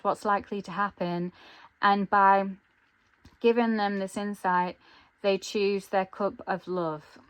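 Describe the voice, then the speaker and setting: Woman, tarot reader, musing, thinks aloud, mid pitch. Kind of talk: intuitive tarot reading to camera.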